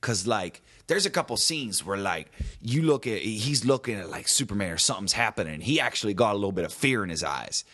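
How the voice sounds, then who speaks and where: A man's voice: on the low side, lively intonation, brisk, few pauses, fairly bright tone. A man chatting casually on a podcast about a movie he disliked, rambling and complaining in loose colloquial speech. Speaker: podcast co-host. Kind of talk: casual movie review chat.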